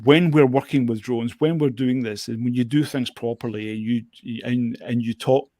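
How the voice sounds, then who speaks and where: A man at a middle pitch chatting casually as a guest, rambling through his story with many restarts and repeated words. He laughs often as he talks. The sound is close and dry, with no room around it. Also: steady tone, normal speed, warm tone, dry recording. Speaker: guest drone show operator. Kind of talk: casual chat.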